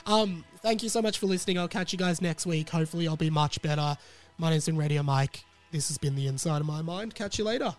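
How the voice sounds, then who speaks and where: A man's voice: on the high side, fast talker, music in the background. A man hosting a casual solo podcast, talking with a sore throat from being sick, playful and rambling. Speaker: podcast host.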